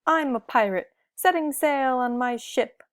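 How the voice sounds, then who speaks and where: A woman's voice: sits high, measured pace, voice pushed up. A woman voicing a boastful young fox. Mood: playful boast. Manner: dramatic exclamations. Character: young male fox, playful, boastful, easily frustrated. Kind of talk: picture-book read-aloud.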